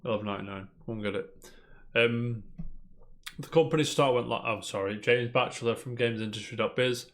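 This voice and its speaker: A man's voice: medium pitch, a little fast, fairly bright tone. A man co-hosting a casual gaming news podcast, rambling cheerfully and calling his co-host "mate". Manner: chatty, rambling, peppers talk with "mate".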